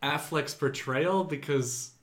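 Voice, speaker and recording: A man's voice: a little high, slow, a bit bright, a little hiss or hum. A man co-hosting a casual podcast chat, opinionated, often repeating words as he starts a sentence. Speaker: podcast co-host.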